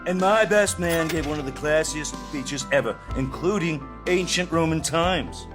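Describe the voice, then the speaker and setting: A man's voice: fairly high pitch, lightly acted. An actor playing a boastful tycoon narrating his memoir chapters, crude and bragging. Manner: crude bragging, slow and deliberate. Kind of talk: chapter narration in a parody film. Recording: narration over loud music.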